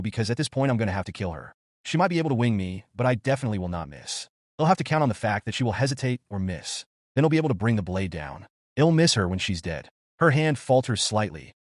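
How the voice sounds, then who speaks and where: A man narrating a first-person horror story with a lively, expressive delivery. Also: fairly low pitch, no echo, studio quality.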